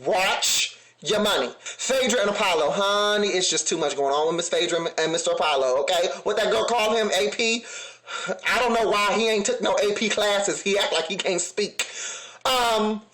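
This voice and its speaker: High-voiced sassy man in an echoey room. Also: moderate pace, fairly bright tone. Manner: laughing, sassy, talks straight to viewers. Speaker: reality TV reviewer. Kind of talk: casual sassy commentary.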